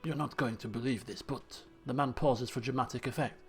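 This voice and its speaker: A man voicing a sardonic undercover cop in a bad disguise, reading his lines in a dry, mocking, lowered voice. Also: fairly even intonation, brisk, soft background music, close to an everyday voice.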